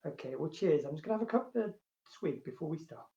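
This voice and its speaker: A male librarian chats casually from his home and reads love poetry aloud, his voice growing louder and fuller as he recites. The room rings a little around him. The recording sounds slightly muffled. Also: a little high, lively intonation, quick pace. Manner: chatty, many fillers, swells louder when reciting. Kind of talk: casual chat and poetry reading. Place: at home, indoors. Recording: roomy, dull home recording.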